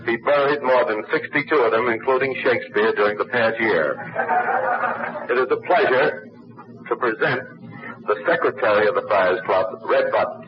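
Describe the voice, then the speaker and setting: A man giving a measured, formal after-dinner introduction at a club roast, with a few dry jokes. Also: medium pitch, crowd noise. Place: banquet hall. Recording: dull noisy 1950s archival recording.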